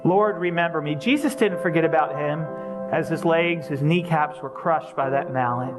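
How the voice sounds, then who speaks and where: High-voiced earnest preacher. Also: male voice, moderate pace, music in the background. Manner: earnest preaching, emphatic repetition, direct questions to listeners. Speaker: pastor. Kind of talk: sermon.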